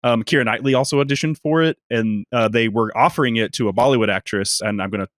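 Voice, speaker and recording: A man's voice: medium pitch, fast, fairly bright tone, no room sound, clean studio sound. A man co-hosting a casual podcast chat, laughing often and tripping over his words. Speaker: podcast co-host.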